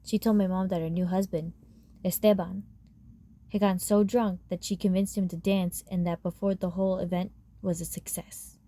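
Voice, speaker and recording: A woman's voice: lowish voice, flat delivery, normal speed, dark tone. Woman reading a story aloud. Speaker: audiobook reader. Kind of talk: storybook narration.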